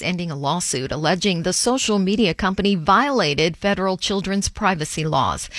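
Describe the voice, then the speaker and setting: A woman's voice: fairly low pitch, a bit bright, no echo, clean studio sound. Woman anchoring a radio newscast. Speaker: news anchor.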